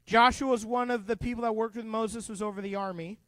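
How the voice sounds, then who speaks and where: A man teaching a middle school youth group, retelling a Bible story in an animated, conversational way and asking the kids questions. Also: high voice, a little fast, no room sound. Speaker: youth pastor.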